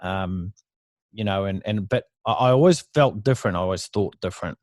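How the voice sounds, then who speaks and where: This guest, a thirty-something Australian entrepreneur, talks through stories in a relaxed interview, blunt, chatty, and quick to curse. He speaks a little fast in a low, slightly mellow voice, recorded in studio quality without any echo.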